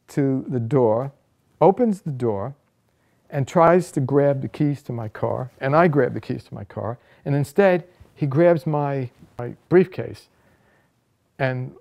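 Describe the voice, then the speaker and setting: A man with a mellow, soft-edged voice recounts a personal anecdote in the first person. He tells it as an animated storyteller, pushing his voice higher and louder as the tension builds. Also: vocal fry. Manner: animated storyteller, voice rises and gets louder at dramatic moments.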